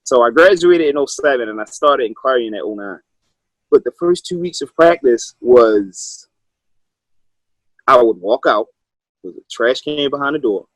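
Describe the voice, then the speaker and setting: A man's voice: mid-range voice, animated, moderate pace, long pauses, dry recording, rough recording. A man in his thirties, a wrestling coach from Maryland, talking loosely with restarts in a casual interview. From Maryland, USA. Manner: loose, rambling storytelling with many restarts. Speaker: high school wrestling coach, guest.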